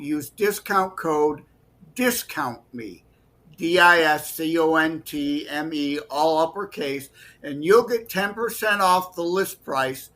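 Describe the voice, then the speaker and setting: A man appearing as a guest author on a podcast, talking slowly and deliberately and spelling things out. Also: fairly high pitch, bright, forceful tone. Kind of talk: casual podcast interview.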